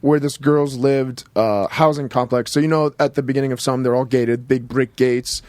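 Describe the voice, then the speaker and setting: A man's voice: mid-range voice, fairly even intonation, moderate pace, darkish tone, dry recording. A man telling a long rambling story in casual podcast chat, swearing and laughing as he goes. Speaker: guest storyteller.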